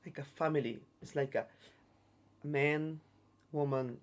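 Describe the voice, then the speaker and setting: Man telling a story in halting English. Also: a little high, steady tone. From Mexico. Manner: halting, broken English with many restarts and fillers. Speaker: guest, circus artist. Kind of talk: casual storytelling interview.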